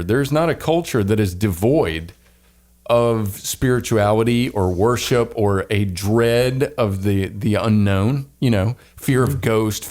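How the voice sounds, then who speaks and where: A man's voice: lowish voice, darkish tone. A middle-aged man from the American South with a light Southern accent, co-hosting a casual faith podcast in a rambling, joking way. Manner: rambling, self-interrupting, joking. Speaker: podcast co-host.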